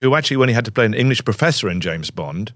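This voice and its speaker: A man co-hosting a podcast who talks quickly and sounds incredulous as he makes his points. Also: lowish voice, expressive, no echo, clean studio sound. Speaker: podcast co-host. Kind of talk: casual chat.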